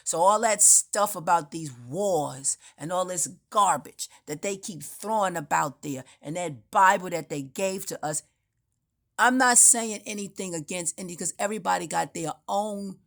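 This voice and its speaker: A woman giving an unscripted spiritual monologue, telling her story in a meandering, emphatic way with frequent restarts. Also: fairly low pitch. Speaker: spiritual speaker.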